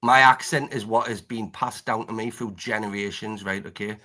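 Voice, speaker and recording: A man's voice: on the low side, steady tone, normal speed, pushed and bright. Man, northeast English accent, needling debate panelist who repeats himself. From northeast Britain, near the Scottish border. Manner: needling, repeats his demands over and over. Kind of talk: live-stream debate banter.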